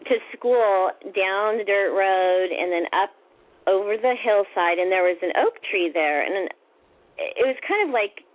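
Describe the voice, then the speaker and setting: Animated woman over a tinny phone line. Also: measured pace. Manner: animated, acts out quoted voices in a higher pitch. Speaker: radio show guest. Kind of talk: casual storytelling. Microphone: phone call.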